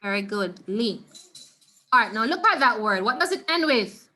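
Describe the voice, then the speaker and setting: Bright-voiced Jamaican woman teaching online. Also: a little high, big pitch swings. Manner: patient, repeats words slowly for students. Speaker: Spanish teacher. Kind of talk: online class lesson. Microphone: computer mic on a video call.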